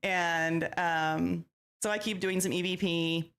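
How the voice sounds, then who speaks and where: A woman who investigates ghosts, a guest on an interview show, telling her stories in a lively way and acting out the lines people said. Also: on the low side, slow pace, clean tone. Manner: lively storyteller who acts out quoted lines. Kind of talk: casual interview storytelling.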